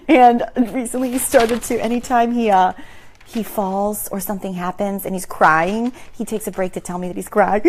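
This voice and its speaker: A woman hosting a casual chat, laughing often as she tells funny stories and acts out a toddler's shouts. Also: medium pitch, lively intonation, normal speed. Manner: laughs often between sentences; amused, storytelling. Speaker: host.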